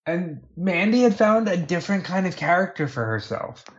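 A man's voice: sits high, moderate pace. A man co-hosting a casual wrestling chat, retelling events with acted-out quotes. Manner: animated storyteller acting out quotes. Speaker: podcast co-host. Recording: dull lo-fi audio.

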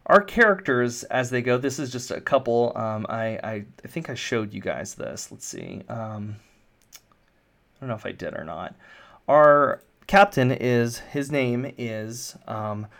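A man's voice: medium pitch, measured pace, creaky, fairly bright tone. Male game master, casual, rambling, lots of ums. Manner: casual, rambling with many fillers. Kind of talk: narrating a tabletop game.

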